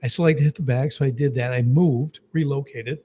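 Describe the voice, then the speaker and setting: A man's voice: medium pitch, a little fast, slight background noise. Chatty middle-aged man telling stories. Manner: animated, lots of "you know" and "like". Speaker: guest, business coach. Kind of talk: storytelling interview talk.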